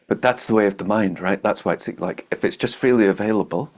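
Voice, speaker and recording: Casting: man, very low voice, meditation teacher giving a loose, blunt, joking dharma talk. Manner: blunt, joking, laughs at his own points. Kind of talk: informal spiritual talk.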